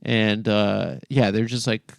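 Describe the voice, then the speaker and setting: A man's voice: on the low side, steady tone, slow, vocal fry, no echo, studio quality. A man co-hosting a casual comedy podcast, rambling with lots of fillers. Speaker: podcast co-host.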